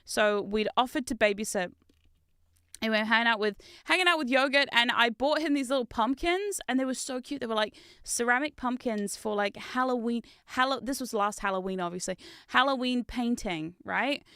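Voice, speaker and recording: Bright chatty young woman storyteller. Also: fairly high pitch, moderate pace, clean tone, no echo, studio quality. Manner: chatty, rambling storyteller with laughs and fillers. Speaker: streamer. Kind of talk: casual chat while building.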